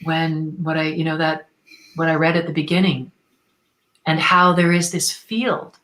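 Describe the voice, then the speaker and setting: A woman from Canada, a guest on an interview show, telling a personal story in an enthusiastic, expressive, spiritual way. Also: lowish voice, reverberant, rough recording.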